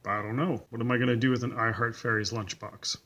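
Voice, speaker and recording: Bright-voiced young man telling dry stories. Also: mid-range voice, steady tone, quick pace, slight background noise. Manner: dry, self-mocking humor. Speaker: school teacher. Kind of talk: casual storytelling to camera.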